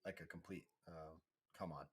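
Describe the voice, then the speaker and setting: A man's voice: low voice, fairly even intonation, moderate pace, slightly rough. A man running a tabletop game as game master over a voice call, joking playfully with his players. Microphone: home mic on a voice call.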